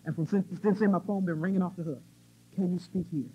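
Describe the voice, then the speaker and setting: A middle-aged woman from the US Midwest giving an animated, laughing personal testimony at a recovery conference. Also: lowish voice, fast talker, husky. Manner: animated, laughing, exclamatory storyteller. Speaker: recovery meeting speaker. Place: conference hall stage. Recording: muffled cassette tape transfer.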